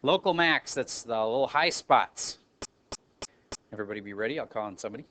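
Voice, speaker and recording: Male math teacher, casual and self-correcting, mid-pitched, classroom recording with faint noise and clicks. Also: animated, fairly quick, bright, forceful tone. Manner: casual, self-correcting, calls on students by name. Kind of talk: classroom lesson at a whiteboard.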